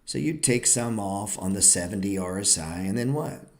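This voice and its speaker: A man with a slightly low voice teaches trading on a live stream. He speaks bluntly and swears often, lecturing viewers with a sarcastic edge. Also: lively intonation, normal speed. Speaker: trading educator and show host.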